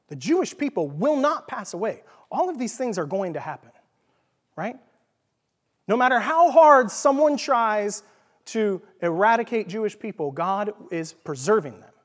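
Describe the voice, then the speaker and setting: High-voiced Texan preacher in a reverberant hall. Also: male voice. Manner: informal, jokey, checks in with "okay?". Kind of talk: conversational sermon teaching. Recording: long reverb of a large hall.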